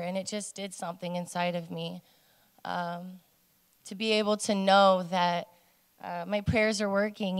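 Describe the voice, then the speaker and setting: A woman gives a personal testimony in front of a congregation, hesitant and earnest, pausing often to find her words. Her voice is smooth and clear but stays flat in pitch. A long reverb from a large sanctuary hangs on her words. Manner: hesitant, many ums, speaking softly and earnestly. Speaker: congregation member giving a testimony. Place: church sanctuary.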